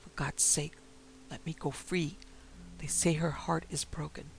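A man reading the hoarse, passionate lines of a desperate, lovesick young nobleman. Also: a little high, flat delivery, measured pace, a little hiss or hum.

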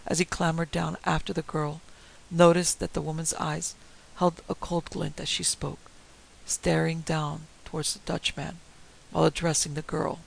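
Gravelly male audiobook narrator. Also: fairly high pitch, a bit bright, a little hiss or hum, low-quality recording. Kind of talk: scripted narration.

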